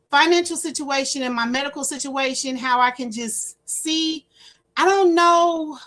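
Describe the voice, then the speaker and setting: A woman runs a casual livestream from her home setup. Her voice sits high and bright above most women's. She chats easily, doubles up her words and welcomes each viewer by name. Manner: chatty, repeats words, greets chat by name. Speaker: livestream host.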